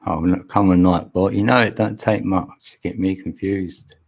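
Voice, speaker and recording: Husky low-voiced man, chatty. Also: fairly even intonation, moderate pace. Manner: chatty, laughs often, rambling musings. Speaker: livestream host. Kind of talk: casual chat with viewers. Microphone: mic on an arm extension.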